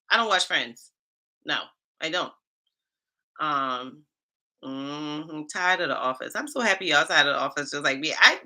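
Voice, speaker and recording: A middle-aged woman from Charleston with a Southern accent, chatting casually and sassily with viewers on a livestream. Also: fairly low pitch. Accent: Southern US Black vernacular, Charleston Geechee. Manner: animated, sassy, talks back to chat comments. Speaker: livestream host, HR coach.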